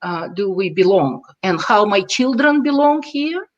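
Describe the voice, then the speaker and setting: A woman's voice: medium pitch, expressive, a little slow, lo-fi sound, soft background music. A woman in her sixties from Russia, with a Russian accent, speaking as a guest interculturalist in a reflective way, with many hesitant fillers. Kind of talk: casual conversation.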